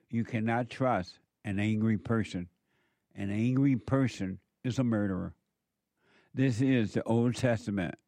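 A man delivering a preachy monologue in an unhurried, deliberate way. His tone is sarcastic and mocking, and he hammers home points by repeating them. The recording is dry and close, with no room sound. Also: medium pitch, darkish tone, dry recording. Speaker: commentator. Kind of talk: preachy monologue reacting to a news clip.

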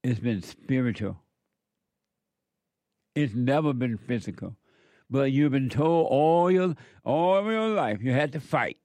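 Man, spiritual counselor, informal preaching, emphatic repetition, mid-pitched voice, dry room. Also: lively intonation, takes it slowly, long pauses, darkish tone, no echo. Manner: emphatic, repeats words for stress.

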